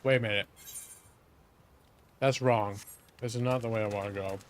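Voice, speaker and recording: A man's voice: on the low side, steady tone, normal speed, a little hiss or hum. A man chatting casually on a live game stream, joking and self-mocking.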